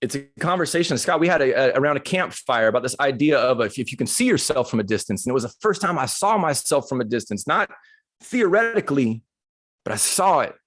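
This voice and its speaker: A man in middle age gives a live motivational talk. He tells a personal story with animated, conversational energy that keeps turning emotional. His voice sits at an ordinary middle pitch. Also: fast. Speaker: motivational speaker. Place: live retreat session.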